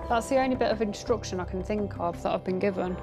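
A woman chats through a game playthrough, musing aloud to herself in casual commentary. Her voice sits mid-pitch, and music plays faintly underneath. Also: fast. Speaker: let's play gamer.

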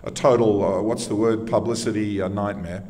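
A man's voice: on the low side, fairly even intonation, normal speed, warm tone, long reverb tail. A man preaching a sermon, telling the story conversationally and asking emphatic rhetorical questions. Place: church.

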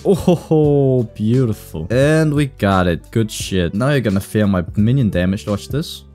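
Man, gaming commentary, animated pitch, excitable, cursing, faint music behind. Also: measured pace. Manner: excitable, swears often, sudden loud outbursts. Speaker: gaming YouTuber. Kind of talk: live gameplay commentary.

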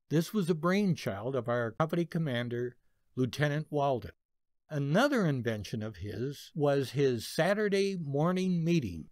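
A man in his seventies, a veteran narrating a personal army story in a slow, expressive way. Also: on the high side, dry recording, clean studio sound. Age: 70s. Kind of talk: reading a personal war story.

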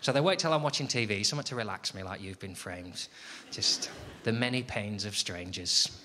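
A man doing a wry, self-deprecating stand-up routine in front of a live audience. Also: fairly quick. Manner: wry, self-deprecating, with lively pitch swings. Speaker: stand-up comedian. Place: comedy venue with a live audience. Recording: noisy live stage recording.

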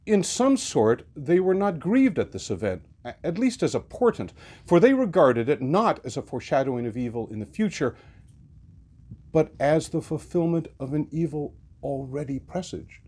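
A man reading a classic novel aloud with an expressive, varied delivery. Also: fairly high pitch, normal speed, slightly rough. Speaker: reader.

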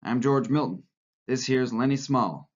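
A man reading the part of a sharp, wary male farmhand who talks curtly and impatiently. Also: medium pitch, measured pace, pitched above the performer's own voice, natural voice. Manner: curt, impatient. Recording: lo-fi recording.

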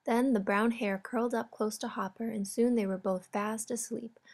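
A woman narrating a children's storybook in a calm, clear way. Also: fairly high pitch, moderate pace.

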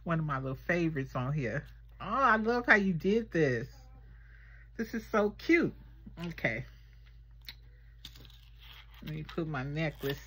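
A woman vlogger chatting casually through a gift unboxing, gushing and excitable. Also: deep voice, a little slow, pauses often, slightly rough. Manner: gushing, excitable, talks to viewers as girl and y'all. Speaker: craft vlogger unboxing swap gifts.

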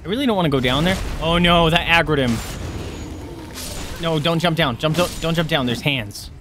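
Over some background noise, a man with a fairly high voice provides live gameplay commentary at a moderate pace. He chats to his stream viewers and thanks them by name, getting excitable enough to yelp and curse at enemies.

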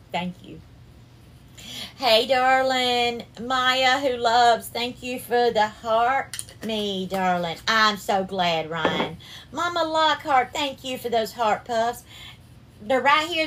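A woman with a Southern US accent runs a casual cooking livestream, her voice sitting a little high. She talks in an affectionate way, calling viewers darling and sweetheart as she greets them by name. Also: a little slow, fairly bright tone, a little hiss or hum. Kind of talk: casual live-stream cooking chat.

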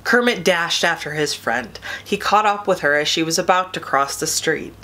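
Woman storyteller, steady children's book reading; bright tone. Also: on the low side, moderate pace.

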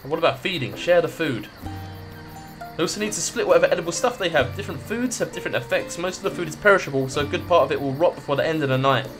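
Man with a slightly high voice giving swear-laden game commentary, faint music behind. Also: expressive, fast. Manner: swears freely and reads game text aloud. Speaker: gaming video creator. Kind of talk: casual gameplay commentary.

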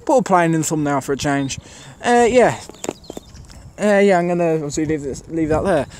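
A man's voice: on the high side, animated, normal speed, a little mellow, slight background noise. A man filming trains on an outdoor station platform, giving a rambling, casual commentary full of fillers to his camera mic. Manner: chatty, rambling, thinks aloud with many fillers.

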